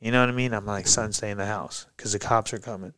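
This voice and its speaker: A man's voice: on the low side, fast, smooth, no echo. Profane, heated man telling a story. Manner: profane, heated, animated retelling. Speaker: guest, pro MMA fighter. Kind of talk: casual podcast storytelling.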